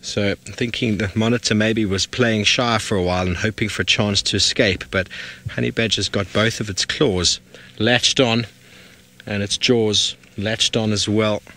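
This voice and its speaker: Bright-voiced man narrating a live safari sighting. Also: lowish voice, a little slow. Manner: animated, speaking to viewers directly. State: out of breath. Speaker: safari guide presenting a live broadcast. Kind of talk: live wildlife commentary. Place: outdoors in the bush, on a game drive.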